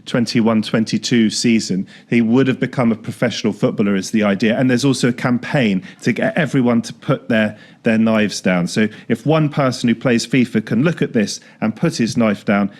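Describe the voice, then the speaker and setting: A man's voice: mid-range voice, moderate pace, few pauses, a little mellow. Earnest male panel guest. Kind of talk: casual panel chat.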